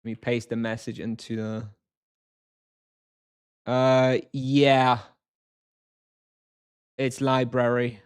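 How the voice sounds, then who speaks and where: Man game streamer, mid pitch, dry close mic, chatty running commentary while he plays. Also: little pitch movement, very slow, long pauses, smooth, no echo. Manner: thinks aloud, chatty, answers chat. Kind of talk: casual live-stream commentary.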